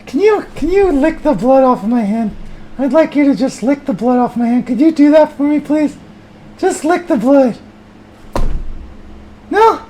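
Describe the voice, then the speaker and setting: A man voicing a shrill, hot-tempered man who screeches curses and insults. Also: lively intonation, unhurried, long pauses, darkish tone, slight background noise. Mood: coaxing.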